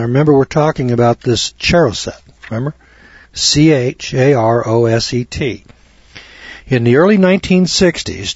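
Husky-voiced folksy male lecturer. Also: medium pitch, darkish tone, dry recording. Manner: folksy, emphatic, repeats words for stress. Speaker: health lecturer. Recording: dull lo-fi recording.

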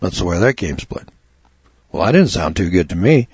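A plainspoken man spins a folksy story on his radio talk show, repeating himself as he gets worked up. His voice sits low and a bit husky. The sound is dry and dull, like lo-fi radio audio. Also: sing-song, moderate pace, a little mellow, no echo.

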